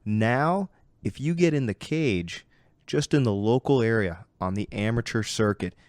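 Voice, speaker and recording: A man's voice: medium pitch, a little slow, darkish tone, no echo, clean studio sound. A man who coaches martial arts, giving blunt, emphatic warnings in a casual conversation.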